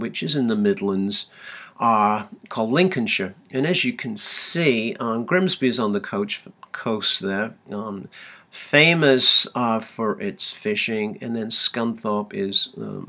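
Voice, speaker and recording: A man's voice: lowish voice, creaky, bright, forceful tone. A man giving a recorded university lecture, talking with many fillers and restarts and sometimes singing out short chants in a raised voice.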